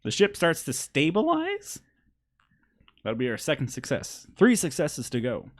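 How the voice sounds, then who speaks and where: A man's voice: fairly high pitch, huge pitch swings, measured pace. A young man running a tabletop game as game master, narrating loosely and laughing often.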